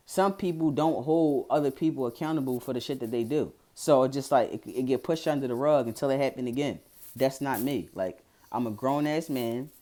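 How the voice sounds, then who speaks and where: A man's voice: on the high side, darkish tone. A young man from Philadelphia with a Philadelphia accent, giving frank, blunt advice in a casual vlog and swearing freely as he talks to his viewers. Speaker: vlogger.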